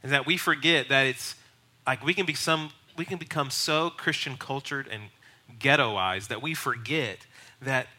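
Bright-voiced young pastor teaching conversationally. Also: male voice, on the high side. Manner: conversational, acts out quoted voices. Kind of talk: sermon teaching.

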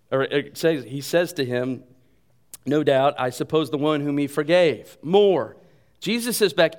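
A male pastor delivering a sermon with a mid-pitched voice. He talks in an animated way and jokes at his own slips. He drops to a hushed tone when he quotes. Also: clear, resonant tone.

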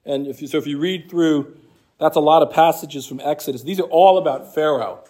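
A man's voice: a little high, fairly quick, mellow. A man teaching an apologetics class, explaining scripture in a conversational way and reading passages aloud.

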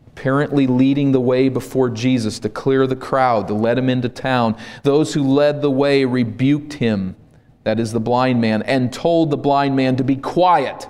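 Male pastor from Minnesota, unhurried sermon delivery with rising emphasis. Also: medium pitch, smooth. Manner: slow, deliberate preaching that rises to loud emphasis.

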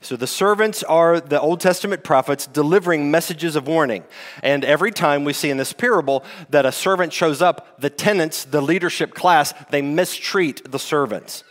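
A man's voice: a little high, normal speed. A man preaching a sermon as lead pastor, teaching in a conversational way with rhetorical questions. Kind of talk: expository sermon. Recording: long hall reverb.

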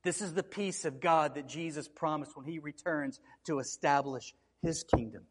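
High-voiced preacher in a reverberant hall. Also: male voice, moderate pace. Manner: preaching with rising intensity, repeated emphatic cries. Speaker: pastor. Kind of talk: sermon.

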